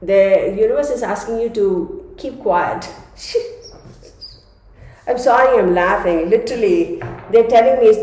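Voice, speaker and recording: A woman's voice: mid-range voice, measured pace, dark tone. A woman giving a casual, chatty tarot reading to her viewers, often laughing as she talks. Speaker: tarot reader. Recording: very echoey room.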